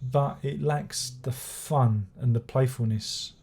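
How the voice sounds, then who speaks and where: A man's voice: mid-range voice, steady tone, slow pace, warm tone, slight background noise. A man giving a rambling, sardonic album review, swearing and restarting his sentences as he goes. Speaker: music reviewer. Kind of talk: casual spoken album review.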